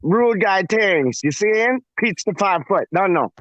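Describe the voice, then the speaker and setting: A man's voice: sits high, expressive, moderate pace, fairly bright tone, no room sound, poor audio. A man from Canada chatting as a guest on a live stream, playful and full of slang. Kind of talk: casual live stream chat.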